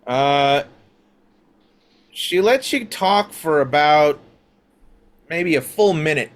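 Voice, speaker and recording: Male game master, slow halting narration, slightly raised voice. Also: fairly high pitch, expressive. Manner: slow, halting, many "uh" fillers.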